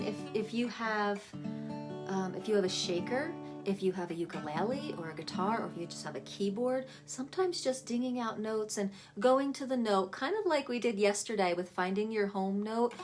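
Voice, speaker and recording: A woman coaching on channeling sound, talking casually in a gentle, dreamy way, slowing down and stretching words for emphasis, with many fillers and restarts. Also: medium pitch. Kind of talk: casual teaching monologue.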